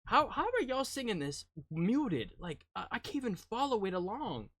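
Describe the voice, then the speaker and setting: A male streamer reacts on a live stream in a loose, casual way, ribbing his audience and breaking into loud laughs. His pitch swings widely and his sound is close and dry, with no room around it. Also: wildly swooping pitch, normal speed, no echo. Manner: teasing and joking, with sudden loud jumps and laughter. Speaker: streamer reacting to music videos.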